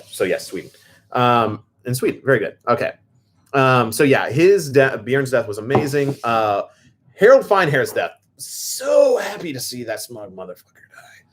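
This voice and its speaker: A man hosting a casual livestream, reading viewer comments aloud and ranting with animated reactions. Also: lowish voice. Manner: animated, reads chat comments, rants. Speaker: livestream host.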